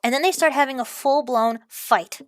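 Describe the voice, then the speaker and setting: Her voice is high and her pace moderate, captured as a dry, clean studio recording. This vlogger launches into an exasperated, profane rant, saying the same things over and over as she vents.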